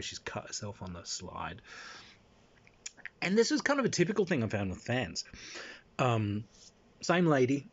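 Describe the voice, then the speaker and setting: A man's voice: on the low side, slightly rough. A man telling a casual spoken anecdote, rambling along with fillers and restarts. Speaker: storyteller. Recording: dull lo-fi recording.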